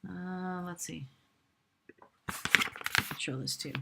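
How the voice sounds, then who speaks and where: An excitable woman talks through a tarot reading in a casual, chatty way, quick to laugh and exclaim. At times she slows down to read passages aloud from a book. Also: fairly low pitch, creaky. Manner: reads aloud from a book slowly in parts. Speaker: tarot reader.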